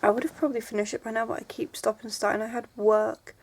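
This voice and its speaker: Young woman, book vlogger, rambling and emotional, slightly high voice, tired and sore. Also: little pitch movement, fast talker. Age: 20s. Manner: rambling, emotional, full of "like"s and restarts. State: tired and in pain. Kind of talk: casual vlog chat.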